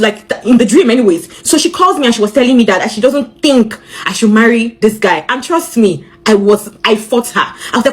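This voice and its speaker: A Nigerian woman rapidly retelling a personal story, acting out the dialogue. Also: medium pitch.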